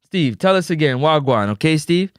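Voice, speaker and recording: A man with a Jamaican accent hosting a casual football talk stream, playful and full of shout-outs and "boop" sound effects. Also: fairly high pitch, animated, moderate pace, smooth, dry recording, clean studio sound. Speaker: sports talk show host. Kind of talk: casual livestream football commentary. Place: indoors in a building overlooking a stadium.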